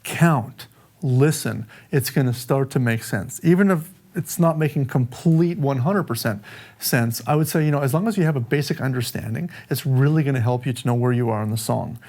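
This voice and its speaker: A man giving a casual music lesson, explaining song form in a relaxed, conversational way and counting bars aloud. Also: mid-range voice, moderate pace. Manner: counts bars aloud over a playing track. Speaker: music teacher. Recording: music playing behind the voice.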